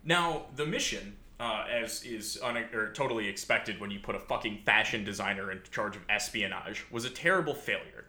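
A man's voice: on the low side, lively intonation, normal speed, few pauses, bright, forceful tone, reverberant. A man hosting a podcast, telling a history story in a casual, sardonic way with frequent fillers.

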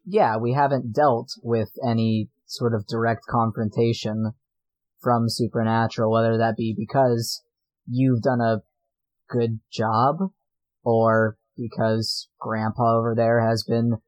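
A man's voice: medium pitch, a little mellow, natural voice, low-quality recording. A man playing a hesitant, reserved young loner. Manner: hesitant, musing. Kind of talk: tabletop role-play in character.

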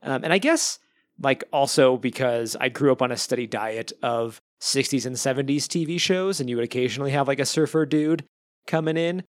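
A man from Arizona chats on a podcast in a playful, lively way. His voice sits in the middle range and is recorded dry and close. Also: medium pitch, a little fast, no room sound. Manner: chatty, playful, animated. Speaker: podcast co-host. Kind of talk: casual podcast chat.

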